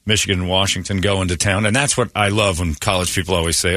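Ranting low-voiced bright male radio host. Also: fairly even intonation, fast talker, no echo, clean studio sound. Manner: opinionated, ranting, sarcastic. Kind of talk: casual morning radio rant.

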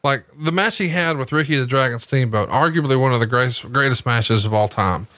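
A man co-hosting a podcast, telling animated, profane stories while commenting on a match. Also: mid-range voice, a little fast, no room sound. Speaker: podcast co-host. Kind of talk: casual commentary while watching wrestling.

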